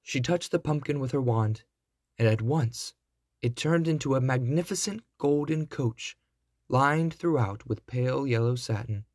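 A man reading a classic fairy tale aloud, in a deliberate storybook narration. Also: mid-range voice, a little mellow, no echo, clean studio sound.

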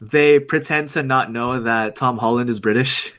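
A man's voice: mid-range voice, normal speed, a bit bright. A young man co-hosting a podcast, rambling through casual chat and laughing often. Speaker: podcast co-host.

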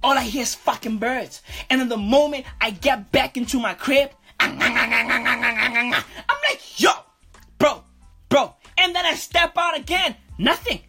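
Husky cocky bro guy, a woman doing him, high and swooping all over, cursing nonstop, faint music behind. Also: animated, takes it slowly, bright, forceful tone, exaggerated voice. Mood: boastful. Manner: cursing slangy bravado, constant "bruv". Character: swaggering profane male street bro, boastful. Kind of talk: comedic character monologue.

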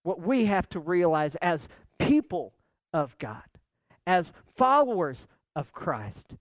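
A man's voice: fairly high pitch, no echo. A man preaching a sermon, his delivery impassioned, rising and falling as he acts out scripture. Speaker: pastor.

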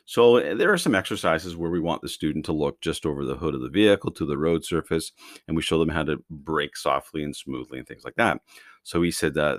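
A low-voiced man from Canada hosts a solo podcast, telling stories in a chatty, playful way. His pitch swings widely as he talks. The recording is dry and close. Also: expressive, fairly quick, no echo. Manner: chatty storytelling with restarts and playful asides. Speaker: podcast host, driving instructor. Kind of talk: casual monologue podcast.

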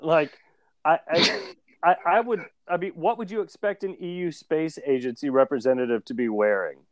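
A man's voice: on the high side, moderate pace, dry recording. A man co-hosting a casual podcast chat, recapping a cartoon episode and joking and laughing often. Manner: jokey, laughs often, animated. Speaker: podcast co-host.

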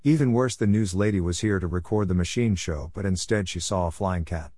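A man reading a story aloud chapter by chapter, halting now and then with small restarts. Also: low voice, mellow, dry recording, clean studio sound.

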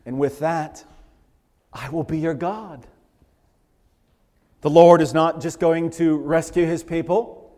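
A man's voice: fairly high pitch, fairly even intonation, takes it slowly, long pauses, darkish tone. A male pastor preaching a sermon, rising emphatically when he quotes scripture. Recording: long hall reverb.

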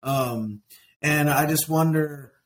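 A man's voice: on the high side, slow pace. A man interviewing in a casual conversation, hesitant, with fillers and false starts.

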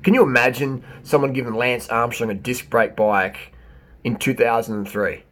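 A man, a bike shop owner, reacting to a clip with animated, sarcastic ranting. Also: mid-range voice, normal speed. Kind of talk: reaction commentary.

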